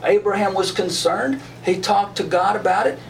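Higher-pitched man leading a Bible study, casual and folksy, in an echoey room with the mic far off. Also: steady tone, normal speed, gravelly, a little hiss or hum. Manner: folksy, retells scripture in slang.

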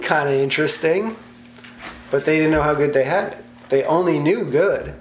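A man's voice: on the high side, normal speed, a little hiss or hum. A man leading a sermon-style Bible study, emphatic and quizzing his listeners with questions, in an echoey room. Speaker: Bible teacher.

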